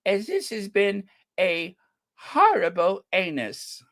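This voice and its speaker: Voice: mid-range voice, big pitch swings, slow, a bit bright, pitched above the performer's own voice, exaggerated voice. An American commentator doing a mocking impression of an elderly British queen in a put-on upper-class English accent, stilted and mock-regal. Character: impression of an elderly female British monarch, stately.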